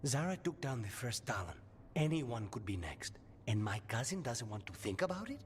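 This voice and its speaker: A man playing an earnest, lively noble cousin. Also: mid-range voice, moderate pace, a little hiss or hum, natural voice. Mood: concerned. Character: worried man from a noble house, troubled by his cousin. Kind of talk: video game dialogue.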